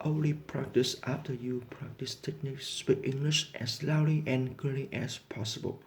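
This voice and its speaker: A man's voice: mid-range voice, a little mellow. A man whose first language is Vietnamese, earnestly coaching English learners and reading practice dialogues. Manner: earnest, non-native phrasing, reads both sides of practice dialogues. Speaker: English teacher. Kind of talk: motivational lesson and dialogue reading.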